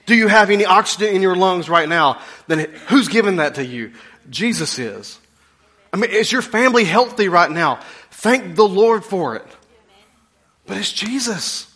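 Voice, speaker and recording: A pastor preaching a sermon in a folksy, humorous way, swinging between loud bursts and hushed asides. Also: male voice, sits high.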